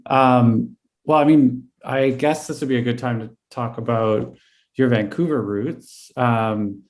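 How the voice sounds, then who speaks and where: A man's voice: medium pitch, steady tone, a little slow, a little mellow. Hesitant male interviewer. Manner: hesitant, fills with um and uh. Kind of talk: livestream interview questions.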